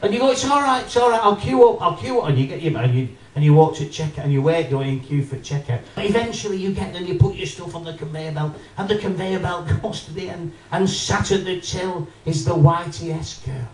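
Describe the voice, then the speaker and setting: Stand-up guy, high lively voice, bit far off the mic. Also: a little fast, few pauses. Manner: animated, addresses the audience, acts out voices. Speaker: stand-up comedian. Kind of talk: stand-up routine. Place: live comedy venue with audience. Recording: roomy live venue, mic from a distance.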